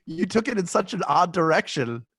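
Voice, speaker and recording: A man's voice: sits high, big pitch swings, moderate pace, a bit bright, husky, no room sound. Rambling, joking male podcast co-host. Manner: rambling, self-interrupting, joking. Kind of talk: casual chat.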